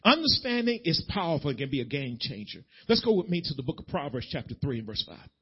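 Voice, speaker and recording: A man's voice: a little high, sing-song, fast talker, husky, dull audio. A man preaching a sermon in a folksy, emphatic way, addressing the congregation directly in a church sanctuary. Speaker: pastor.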